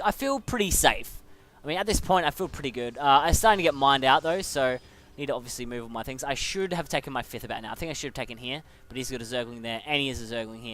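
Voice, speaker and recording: A man's voice: mid-range voice, fairly bright tone. Chatty young man. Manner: chatty, self-mocking, hums and exclaims. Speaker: player commentating his own match. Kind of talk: casual game commentary.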